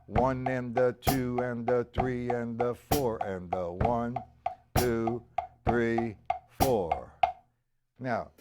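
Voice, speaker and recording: A man giving a live-streamed drum lesson, counting beats aloud, joking and answering viewers by name. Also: medium pitch. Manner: casual, joking. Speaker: drum teacher.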